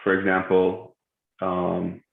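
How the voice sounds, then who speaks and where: Deep-voiced young man teaching, echoey. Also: monotone, slow, gravelly. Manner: hesitant, many filler sounds, self-correcting. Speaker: tajweed teacher. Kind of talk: live-streamed religious lesson. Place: mosque. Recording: echoey, tinny phone-like stream.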